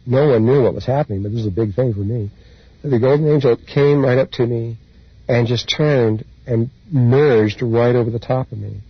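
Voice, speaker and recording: A man speaking as a spiritual teacher, telling his personal experiences in an unhurried, meandering way with soft laughs. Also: medium pitch, steady tone, breathy edge, dry recording. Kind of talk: reflective personal storytelling talk. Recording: dull lo-fi recording.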